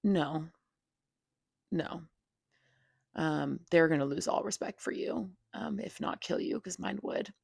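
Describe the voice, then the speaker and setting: A young woman hosts her own podcast in a candid, opinionated monologue. Her voice sits low and carries a gravelly fry. The sound is close and dry, and her delivery is frank, casual and full of fillers and swearing. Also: takes it slowly, pauses often, darkish tone, no room sound. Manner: blunt and frank, heavy filler "like", swears freely. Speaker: podcast host.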